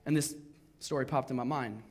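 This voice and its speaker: A pastor preaching a sermon from a church stage to his congregation. He tells his stories in an animated, self-mocking way. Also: mid-range voice, fairly quick.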